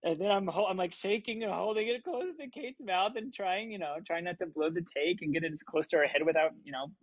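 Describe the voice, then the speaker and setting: Lively storytelling man, dry close sound. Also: high-pitched, brisk, no echo, low-quality recording. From Kansas. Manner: animated anecdote-telling, acts out quoted voices, many ums. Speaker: puppeteer and actor, guest. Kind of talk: casual interview storytelling.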